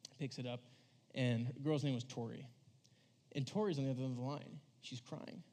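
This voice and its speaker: A man's voice: medium pitch, fairly even intonation, fairly quick, mellow. A young man giving a casual storytelling sermon to a youth crowd, rambling and filling his talk with "like" as he acts out quoted voices. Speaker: youth preacher.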